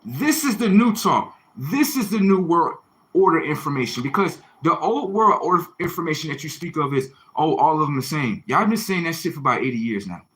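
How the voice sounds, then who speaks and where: With a fairly high, bright voice that swings widely in pitch, a livestream host speaks a little fast. He preaches confrontationally, firing off rhetorical questions, slang and swear words and repeating lines for emphasis.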